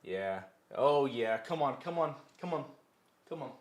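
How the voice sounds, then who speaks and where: A man's voice: medium pitch, animated, unhurried. A man hosting a casual live market chat from home, rambling and joking in a boastful, teasing way. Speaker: livestream host.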